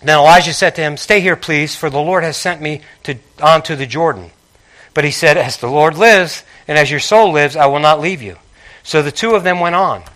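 A man's voice: on the high side, a bit bright. A man preaching a sermon, calling out to his congregation and reading scripture with emphasis.

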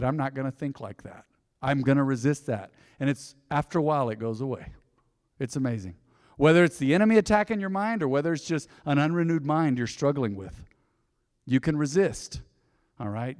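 His voice a little high and darkish, a male pastor preaches expressively and a bit quickly, keeping the sermon conversational with frequent questions to the congregation. The recording carries the long reverb of a big hall.

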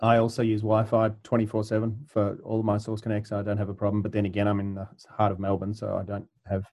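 A man's voice: fairly low pitch, completely flat delivery, fast talker, a little mellow. A man on a video call making an offhand, confident remark about his internet connection. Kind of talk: casual remark.

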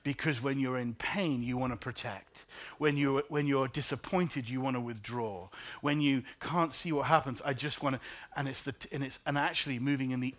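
A man preaching a sermon, telling a personal story in soft, quiet tones that rise into emotional peaks, and repeating key lines for the congregation. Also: mid-range voice, moderate pace, few pauses. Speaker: pastor.

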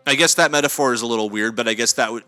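A man hosts a comedy podcast, his medium-pitched voice racing through a deadpan, mock-pompous monologue full of fillers and self-corrections. Soft music plays in the background.

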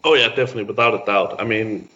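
A man's voice: on the low side, steady tone, rapid-fire, pushed and bright, dull audio. A man, an editor on a football podcast, talking casually and often repeating words as he goes. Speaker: website editor, podcast guest.

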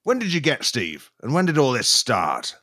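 A man's voice: medium pitch, moderate pace. A man playing a blunt, rude dog trainer. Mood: deadpan, blunt. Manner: drawling, deadpan, insulting.

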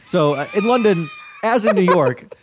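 A man's voice: high voice, lively intonation, moderate pace, background noise. A man co-hosting a casual podcast, reading news stories and getting sarcastic and profane.

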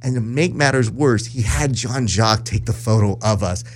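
Casting: low-voiced guy from southern california, easygoing host who animates his anecdotes. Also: moderate pace. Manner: animated storyteller, acts out quotes. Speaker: podcast host and jiu-jitsu broadcaster. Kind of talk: casual interview chat.

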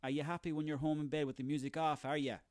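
A man's voice: fairly high pitch, level tone, quick pace, darkish tone, dry recording, studio quality. An Irish man in his thirties delivering a sarcastic, profanity-laden comic rant on his own. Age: 30s. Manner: profane, sarcastic, ranting, rambling.

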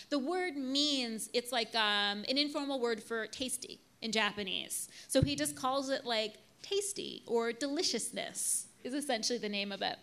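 A woman's voice: a little high, fairly bright tone. Chatty woman giving a slide talk. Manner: casual, chatty storytelling with fillers and asides. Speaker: presenter. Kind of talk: live talk to an audience with slides. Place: venue in a big city.

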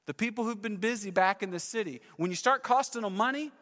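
High-voiced preacher in a reverberant hall. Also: male voice, fairly quick, few pauses. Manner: dramatic storytelling, swings between loud and hushed. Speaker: pastor. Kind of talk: sermon.

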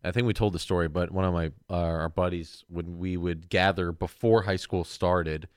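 Young male co-host, lowish voice, dry close mic, rambling and profane storyteller. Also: steady tone, moderate pace, smooth, dry recording. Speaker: podcast co-host. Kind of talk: casual podcast chat.

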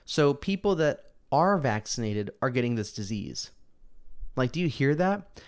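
A young man hosting a casual show, ranting in an animated, slangy way and mocking people with put-on quotes. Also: medium pitch, measured pace. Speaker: podcast host. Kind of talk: casual opinion rant.

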